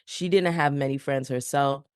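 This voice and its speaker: A woman's voice: very deep voice, normal speed, clean tone, no echo, studio quality. A woman from New York, a podcast guest, telling her story casually and acting out the dialogue. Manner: animated, acts out quoted dialogue.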